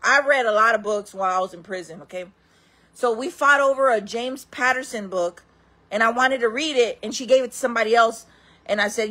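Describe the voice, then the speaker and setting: A woman vlogger telling wild stories in casual talk, laughing often, calling her viewers friends and acting out other people in loud voices. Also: fairly high pitch, brisk. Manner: acts out quoted people in loud raised voices.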